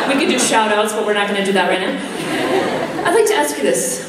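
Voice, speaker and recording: A woman's voice: mid-range voice, lively intonation, measured pace. A woman from South Texas with a Texan accent, a nun giving a funny, faith-filled talk to a conference crowd and laughing at her own stories. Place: large conference hall. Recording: echoey hall, speaker far off, crowd noise.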